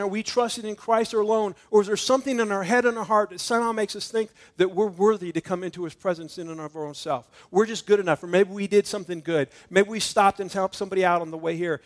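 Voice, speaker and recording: A middle-aged pastor with a high-sitting voice preaches a communion sermon. He swings between loud, emphatic preaching and hushed, intimate moments, acting out dialogue as he tells a story.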